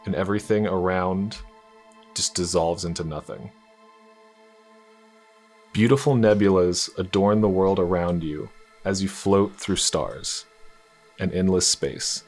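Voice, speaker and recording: A man narrating a tabletop game as game master, in a calm, descriptive storytelling manner. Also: low-pitched, a little slow, pauses often, faint music behind.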